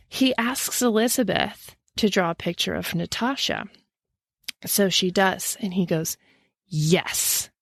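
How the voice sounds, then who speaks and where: Woman, podcast co-host, casual storytelling, close dry mic, gravelly voice. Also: mid-range voice, unhurried, dry recording. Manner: laughs at her own slips.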